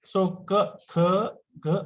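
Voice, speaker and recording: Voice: mid-range voice, little pitch movement, takes it slowly, poor audio. A teacher, giving an online lesson step by step and patiently repeating each point.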